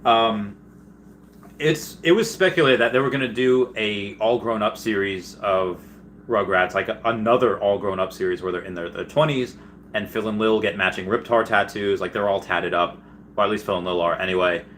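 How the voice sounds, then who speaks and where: An excitable man hosts a casual livestream, chatting through viewer comments and rambling from one thought to the next. His voice sits fairly low but comes across bright and forceful. A faint hiss of noise runs underneath. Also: moderate pace. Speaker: livestream host.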